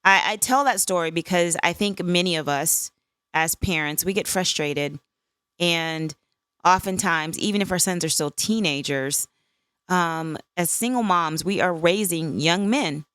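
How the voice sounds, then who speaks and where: A woman's voice: on the low side, a little slow, a bit bright, clear, resonant tone, dry recording. A woman in her fifties hosting a solo podcast, talking candidly in a conversational way and often checking in with "right?". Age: 50s. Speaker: podcast host.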